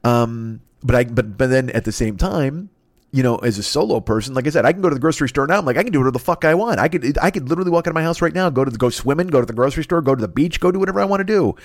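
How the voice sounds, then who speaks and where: A man's voice: medium pitch, lively intonation, rapid-fire, dry recording, studio quality. A man in his fifties, a podcast host, riffing in a rambling, profane comedic rant and acting out silly voices. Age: 50s.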